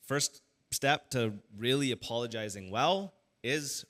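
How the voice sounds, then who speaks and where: A male pastor talking casually to his congregation from the stage. His tone is bright and forceful, and he talks in an animated way, stumbling through fillers and restarts as he goes. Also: medium pitch, unhurried. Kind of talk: casual teaching talk to a church audience.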